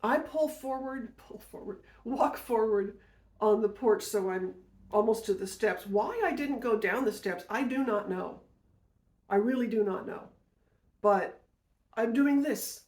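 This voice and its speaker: A woman's voice: medium pitch, measured pace, a little mellow. A woman podcast host telling a personal story in a casual, rambling way, often correcting herself and going off on asides. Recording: roomy echo.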